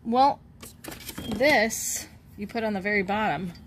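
A woman's voice: medium pitch, slow. A woman hosting an unboxing video, chatting casually and thinking aloud as she opens items. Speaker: online reseller, channel host. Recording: noisy home recording.

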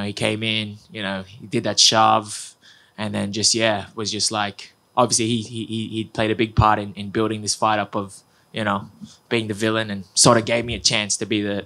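Upbeat fighter, loose and chatty. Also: male voice, fairly low pitch, sharp tone. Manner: upbeat, loose, filler-heavy with frequent restarts. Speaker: fighter at a post-fight press conference. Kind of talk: post-fight press conference answers. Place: press conference room.

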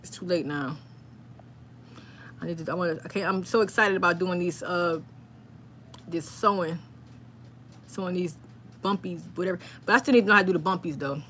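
Woman rambling on a live stream, reads out viewer comments, gets all excited, faint hiss in the background. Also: fairly low pitch, brisk, pauses often. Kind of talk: casual live stream chat.

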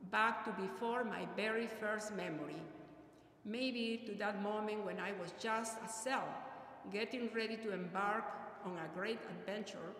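A middle-aged woman from Peru, delivering an earnest, measured memorial eulogy. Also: mid-range voice, fairly bright tone. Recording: echoey hall with long reverb, faint ambient noise.

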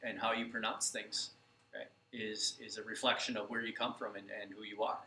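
A man's voice: fairly low pitch, little pitch movement, fairly quick, pushed and bright, roomy sound, far from the mic, a little hiss or hum, rough recording. A man co-teaching a lesson in a conversational style, often checking in with "right?". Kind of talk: classroom lecture.

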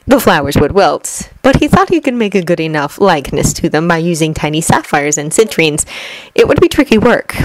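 A woman reading a fanfiction story aloud at a gentle, even pace, lightly acting out the dialogue. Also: sits low, dry recording, poor audio. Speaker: fanfiction reader.

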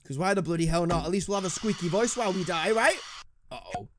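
A man's voice: sits high, fast, a little hiss or hum. A man with a British accent doing sarcastic let's play commentary, swearing and muttering to himself. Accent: British English. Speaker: gaming YouTuber. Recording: game music behind.

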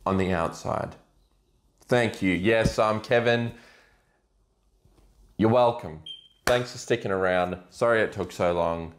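Slow, low-voiced dad. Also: male voice. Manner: self-deprecating, groaning at his own jokes. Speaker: father telling dad jokes. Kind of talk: deadpan joke telling.

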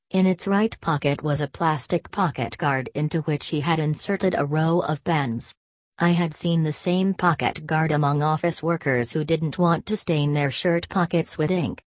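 Woman audiobook narrator, low register, dry close sound, steady delivery. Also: no room sound. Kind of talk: scripted first-person narration.

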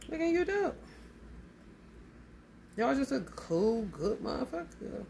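A woman's voice: sits high, slow, vocal fry, a little hiss or hum. A woman giving a casual tarot reading in a blunt, emphatic way, swearing freely and calling her listeners honey. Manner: emphatic and animated. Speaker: tarot reader.

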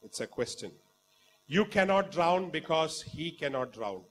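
Indian-accented preacher guy, fiery sermon, gets loud then drops low, kinda high voice. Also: lively intonation, measured pace, soft background music. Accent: Indian English. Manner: fervent, rising to loud exclamations; acts out quoted voices in the story.

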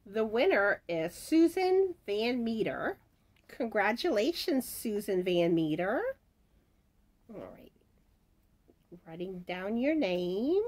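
A woman's voice: mid-range voice, big pitch swings, a little mellow. A woman hosting a crochet channel, casually announcing giveaway winners and chatting to herself, her voice starting to give out. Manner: chatty and unhurried, mutters asides to herself. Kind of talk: casual giveaway announcement, reading viewer comments.

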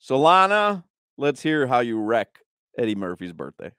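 A man's voice: mid-range voice, moderate pace, clear, resonant tone, dry recording. A man hosting a radio show, bantering and teasing his co-hosts in casual studio chat. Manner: animated, teasing, reads aloud. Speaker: radio sports show host.

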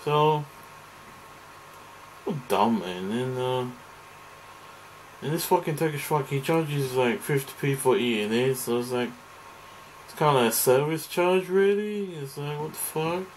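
A man's voice: a little high, unhurried, long pauses, slight background noise, rough recording. A man delivering a rambling, profane, aggrieved rant to camera as a vlogger. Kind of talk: ranting monologue to camera.

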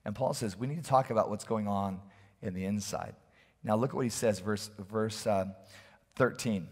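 A man preaching a sermon as pastor, swinging from loud, urgent calls to low, quiet asides. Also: normal speed. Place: large church hall. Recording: long reverb of a church hall.

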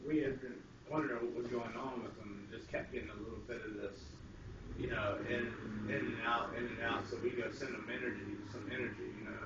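A man's voice: medium pitch, fairly even intonation, a little fast. A man co-hosting a casual spiritual talk show, backing up his partner's story and adding his own view of it. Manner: agreeable, chimes in with short affirmations. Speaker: co-host. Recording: distant, roomy, dull lo-fi sound with noise.

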